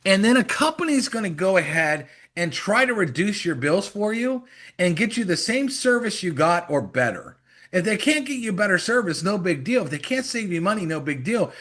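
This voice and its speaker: A middle-aged man giving a lively, persuasive sales training talk on a call, acting out quick mock conversations to make his point. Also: high-pitched. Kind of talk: motivational sales pitch on a call.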